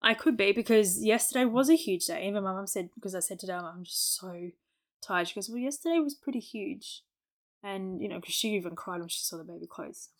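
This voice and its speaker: A young adult woman in a relaxed podcast chat, speaking with a mid-range pitch. She talks openly, laughs often and replays her own remarks in quoted bits. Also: fast talker. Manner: candid, laughs often, acts out her own past words. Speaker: podcast co-host. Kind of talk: casual chat.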